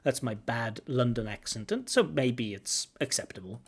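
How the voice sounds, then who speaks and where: A man's voice: mid-range voice, animated, normal speed, husky. A man working as an exam examiner, talking through a recorded speaking test and repeating words to model how they should sound. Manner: thinks aloud, repeats words to model pronunciation. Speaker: IELTS examiner giving feedback. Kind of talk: reviewing a recorded test aloud.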